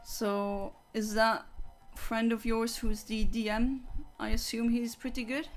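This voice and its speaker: A woman's voice: on the high side, little pitch movement, takes it slowly, soft background music. A woman chatting casually with her viewers during a game livestream, rambling and answering chat. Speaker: streamer.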